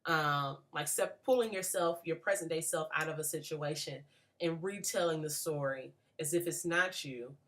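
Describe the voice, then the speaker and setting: A woman's voice: sits low, moderate pace, fairly bright tone. A woman in her late twenties giving an earnest, thoughtful spoken reflection on a book for a class, with frequent restarts. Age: late 20s. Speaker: graduate student.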